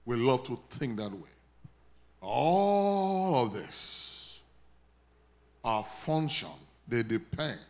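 Nigerian-accented preacher, slow and deliberate. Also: male voice, medium pitch. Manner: call-and-response preaching, prompting the congregation to repeat words; builds to loud declarations when praying over the congregation. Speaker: pastor. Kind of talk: sermon.

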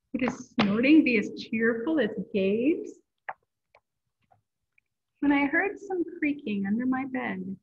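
A woman's voice: a little high, husky. A woman teaching a children's art class, encouraging the kids and reading a picture book aloud. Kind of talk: kids' class instruction and read-aloud. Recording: tinny lo-fi phone-like audio.

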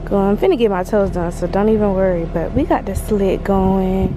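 Speaking fairly quickly at a medium pitch, a young woman vlogs casually to her viewers on a handheld phone, and the audio is very noisy. She chats in a bubbly, slangy way right to the camera.

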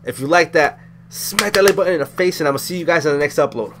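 A man's voice: on the high side, quick pace, over music. A man giving let's play commentary, talking in a loose, rambling and profane way. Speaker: gaming commentator.

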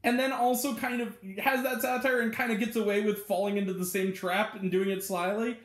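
A man with a notably high voice gives a casual movie review for his own channel. He rambles happily, leaning on filler words and chuckling through the bits he retells. The recording carries a roomy echo. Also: level tone, brisk.

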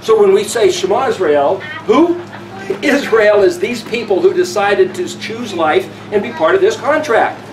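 Man, high voice, scripture teaching, reads verses then explains, roomy echo, faint noise. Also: lively intonation, moderate pace.

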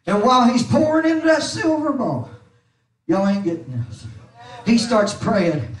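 High-pitched shouting holiness preacher. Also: male voice, expressive, a little slow. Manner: shouting preacher with constant "uh" cadence. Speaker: pastor. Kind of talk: holiness sermon. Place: church sanctuary. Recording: echoey church hall from far off.

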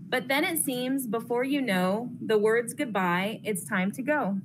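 A young woman reads a rhyming picture book to a class, bouncing through the lines in a lively sing-song. Her voice sits fairly high, and a steady noise runs under the recording. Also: a little slow. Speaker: counselor intern. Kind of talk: reading a picture book aloud to children.

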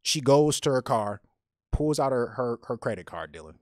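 Speaking at a normal pace, a man with a mid-range, slightly mellow voice co-hosts a podcast and tells a story very animatedly, restarting often. It's casual chat and storytelling, recorded cleanly in a studio without echo.

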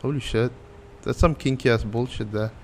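A man's voice: medium pitch, normal speed, background noise. Jittery, swearing man playing a horror game. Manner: nervous, jokey and profane, rambling. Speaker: gameplay channel host. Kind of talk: casual let's-play commentary.

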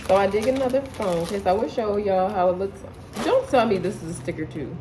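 A young woman chatting casually in her living room, excitable and slangy, as a vlogger showing clothes. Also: mid-range voice, normal speed, background noise. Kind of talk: casual haul video chat.

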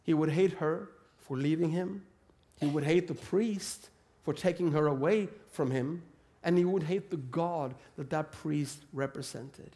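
Swedish-accented male pastor with a high, light voice; earnest storyteller who often eases into a softer, slower delivery. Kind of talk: sermon storytelling.

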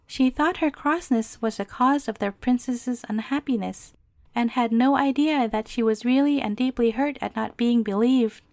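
Brief: woman storyteller, gentle measured bedtime reading, dry close-miked sound. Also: fairly high pitch, no room sound.

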